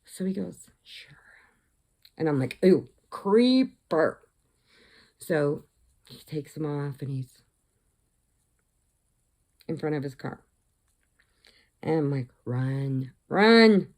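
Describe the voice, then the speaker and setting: A middle-aged woman vlogger with a low voice casually retells a movie plot at a slow pace, pausing often. She's an animated storyteller who acts out the lines and sometimes drops to a whisper.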